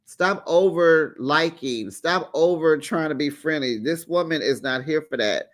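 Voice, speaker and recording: A man hosting a casual recap of a reality show, sassy and animated, with lots of "honey" and "child". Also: a little high, a little slow. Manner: acts out the quotes in put-on voices.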